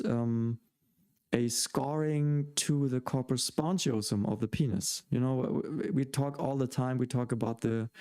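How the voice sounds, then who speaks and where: A man's voice: mid-range voice, dark tone. A man with a German accent hosting a live question-and-answer stream, rambling and hesitant with many fillers and restarts. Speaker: host.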